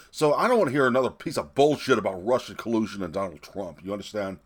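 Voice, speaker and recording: A man's voice: lowish voice, lively intonation, quick pace, hardly any pauses. A man vlogging a solo opinion rant, mocking and profane, breaking into laughs between complaints. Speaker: political vlogger.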